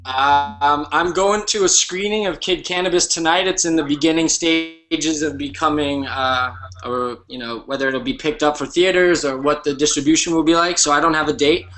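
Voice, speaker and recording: A man's voice: fairly high pitch, moderate pace, hardly any pauses, rough recording. A man in a casual group chat, reading out fan questions and talking about his film work. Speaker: cast member reading questions.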